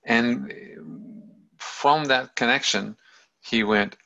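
A man's voice: lowish voice, unhurried, vocal fry, pushed and bright. A man telling a story in a loose, rambling, casual way, in a dull lo-fi recording. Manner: loose and rambling, many fillers and restarts.

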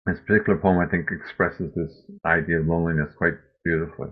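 A man giving a meditation dharma talk, speaking slowly and gently with reflective pauses. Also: sits low, steady tone. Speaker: meditation teacher. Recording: phone-like lo-fi recording.

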